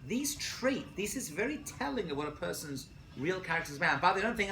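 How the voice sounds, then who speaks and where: A man, a rabbi, giving a jokey, animated lecture to college students and asking them questions. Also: high-pitched, fast talker, echoey room, slight background noise. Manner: jokey, asks the class questions.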